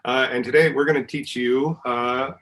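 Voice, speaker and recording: A man's voice: mid-range voice, steady tone, normal speed, fairly bright tone, a little hiss or hum, rough recording. A man, a university professor, patiently walking children through a hands-on science demonstration at home, singing notes and making vocal sounds to show how they work. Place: family home.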